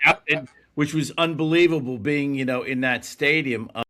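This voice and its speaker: Upbeat male podcast host, higher voice. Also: normal speed, sharp tone. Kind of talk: casual podcast chat.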